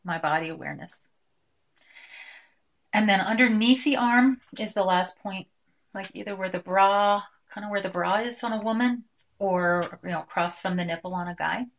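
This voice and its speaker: A woman presenting a live workshop, talking through a technique with many pauses and fillers. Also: mid-range voice. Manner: hesitant, filler-heavy, demonstrates by voicing a client. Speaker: clinician presenting a tapping technique.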